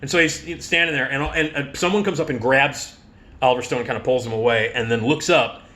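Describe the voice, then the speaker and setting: Speaking briskly at a medium pitch, a middle-aged radio host casually shares personal stories in a monologue. He's animated, swears freely, and laughs along the way.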